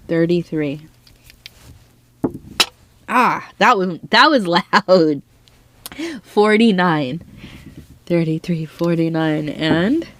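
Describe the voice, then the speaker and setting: A woman's voice: deep voice, a little hiss or hum. A woman doing a tea leaf reading for her viewers, talking in an earnest, heartfelt way. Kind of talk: casual spoken reading to viewers.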